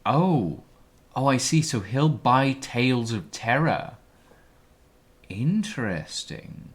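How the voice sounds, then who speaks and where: Man, game streamer, unhurried delivery, pitch rising and falling a lot, reads on-screen text, thinks aloud. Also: lively intonation. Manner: thinks aloud with small reactions and exclamations. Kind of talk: live gameplay commentary, reading game text aloud.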